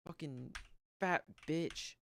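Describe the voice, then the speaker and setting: A woman's voice: deep voice, takes it slowly, gravelly, a little hiss or hum. A woman streaming an online game, muttering frustrated remarks and swearing often. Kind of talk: casual gameplay commentary.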